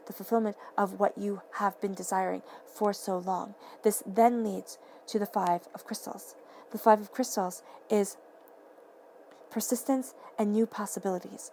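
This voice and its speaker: A woman giving a tarot reading to camera, earnest and excitable, repeating affirming phrases and sometimes tripping over her words. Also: medium pitch, gravelly, slight background noise. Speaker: tarot reader. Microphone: camera mic.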